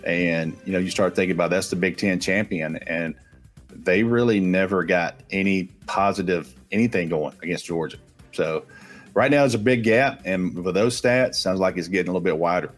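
A man's voice: low voice, moderate pace, soft background music. A man, a guest analyst confidently rattling off football names and stats. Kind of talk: casual sports talk.

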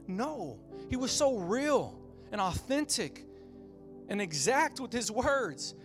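High voiced pastor guy preaching, repeats lines and builds it up, quiet music in the back. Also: very animated, unhurried. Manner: passionate preaching, repeating phrases and building cadence. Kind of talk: sermon.

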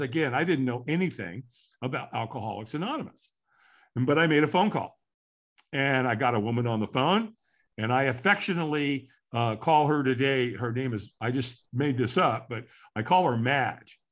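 A man's voice: mid-range voice, expressive, normal speed, fairly bright tone. Earnest older man telling his story. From California. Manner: earnest, candid, voices his past self's thoughts. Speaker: interview guest. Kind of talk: personal storytelling interview.

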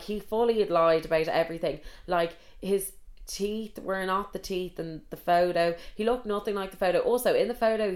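Young Irish woman, slightly low voice, casual sweary storyteller with loud animated rants. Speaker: podcast storyteller.

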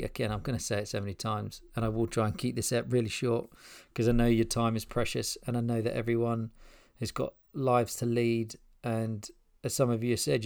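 A middle-aged podcast host from Spain and England speaks unscripted and heartfelt from his spare room, rambling with many restarts. His voice is mid-range and a little mellow, with vocal fry.

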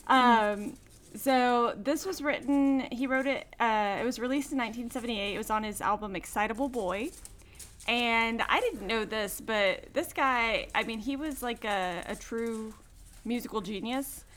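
A woman co-hosting a podcast, telling the story behind a song in a rambling, relaxed way. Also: a little high, a little slow. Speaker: podcast co-host. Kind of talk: casual chat about songs.

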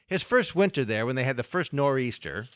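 A middle-aged man, a financial advisor, explaining investing on a radio talk show in a lively way with everyday analogies. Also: medium pitch, brisk, clean tone, dry recording, studio quality.

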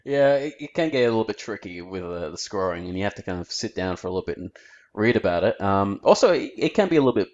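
A man's voice: lowish voice, fast. Australian man, podcast co-host, casual rambling chat, muffled recording. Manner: relaxed, rambling, repeats words as he thinks. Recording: dull lo-fi sound.

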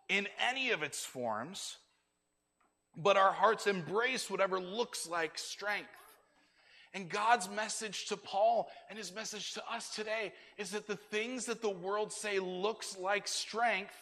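A high-voiced man preaches to children in a lively, playful way, acting out the lines he quotes. His tone is bright and ringing, and the sound echoes through a church hall with a long reverb. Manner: animated, acts out quotes for kids. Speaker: children's ministry speaker. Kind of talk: children's sermon.

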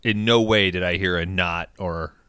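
A man's voice: deep voice, fairly even intonation, normal speed, bright, forceful tone, clear, resonant tone, dry recording, studio quality. A man co-hosting a casual podcast, riffing with crude, sarcastic jokes about a movie. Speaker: podcast co-host.

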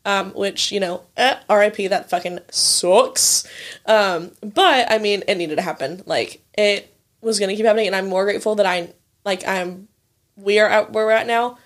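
A woman's voice: medium pitch, moderate pace. A young woman in her twenties co-hosting a casual chat, telling stories with lots of "like" and plenty of swearing. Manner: chatty storyteller, lots of "like", swears freely.

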